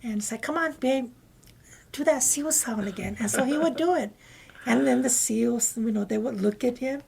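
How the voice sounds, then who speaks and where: Woman guest spinning a story, raspy as anything, lots of gravel, slips into breathy near-whispers. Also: on the high side, moderate pace, darkish tone. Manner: drops into breathy half-whispered asides; meandering, with many fillers and restarts. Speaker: interview guest. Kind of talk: personal storytelling in conversation.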